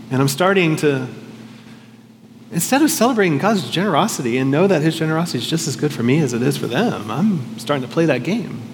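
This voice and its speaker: A man's voice: a little high, in a large hall, slight background noise. A male pastor preaching a sermon in a conversational, reflective way, often questioning himself aloud.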